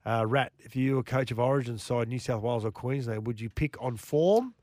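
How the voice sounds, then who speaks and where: A man's voice: medium pitch, a little fast, a little mellow, dry recording. An Australian man hosting a sports radio show, reading listener texts and chatting casually.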